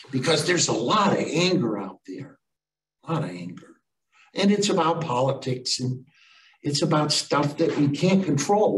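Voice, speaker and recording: A man's voice: mid-range voice, echoey room, far from the mic, low-quality recording. An older man giving a motivational storytelling talk to teachers, acting out the voices of people in his stories. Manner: animated, acts out voices in stories. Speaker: storytelling speaker.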